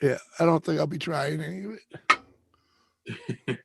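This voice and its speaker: A man's voice: fairly high pitch, moderate pace, vocal fry, background noise. A laid-back man chatting with friends on a video call, mostly giving short agreeing replies. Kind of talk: casual chat.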